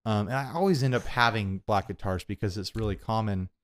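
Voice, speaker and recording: A man's voice: fairly low pitch, a little fast. A young adult man co-hosting a casual podcast chat, rambling and self-deprecating, laughing often. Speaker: podcast co-host.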